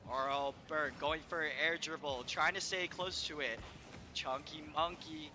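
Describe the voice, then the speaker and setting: A young man calls esports play-by-play in a high, very bright voice, rattling off player names as the action moves. A faint hiss of background noise sits under his commentary. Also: measured pace. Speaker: esports caster.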